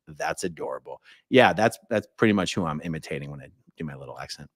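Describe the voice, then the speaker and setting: A man's voice: sits low, expressive, fast talker, few pauses, no room sound, studio quality. An American man hosting a casual livestream, reading viewer comments aloud in an easygoing way. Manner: conversational, reads viewer comments aloud, many fillers. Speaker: livestream host filling in.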